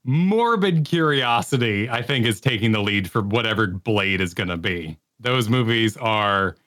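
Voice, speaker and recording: A man co-hosting a podcast, chatting casually about movies, searching for words and then rattling off quick lists. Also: fairly low pitch, lively intonation, fairly bright tone. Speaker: podcast co-host.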